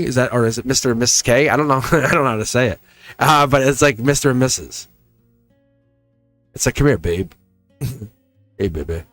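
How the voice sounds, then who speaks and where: Animated man giving a live tarot reading. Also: a little high, no room sound. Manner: animated, chatty, laughs often, talks straight to viewers. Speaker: tarot reader and live stream host.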